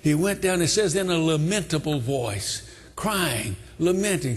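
An older man preaching a sermon, retelling a story with dramatic swings from hushed tones to shouting. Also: fairly high pitch, lively intonation, normal speed, slightly rough. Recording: long hall reverb.

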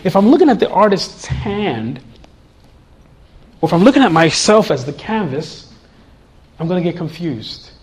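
A man preaching a sermon in an animated way, laughing often and acting out voices in his examples. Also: high voice, normal speed, long pauses.

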